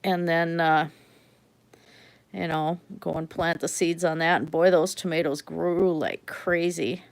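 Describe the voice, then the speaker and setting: A woman's voice: deep voice, fairly even intonation, a little slow, clear, resonant tone. A middle-aged woman with a Minnesotan accent, chatting casually on a livestream and rambling with many fillers and restarts. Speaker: livestream host. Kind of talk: casual livestream chat while painting.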